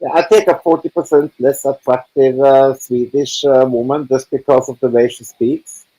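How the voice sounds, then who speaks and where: A man's voice: mid-range voice, fairly even intonation, moderate pace, warm tone, poor audio. Blunt rambling man in casual chat. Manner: blunt, swearing, rambling with restarts. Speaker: live chat participant. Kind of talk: casual group video chat.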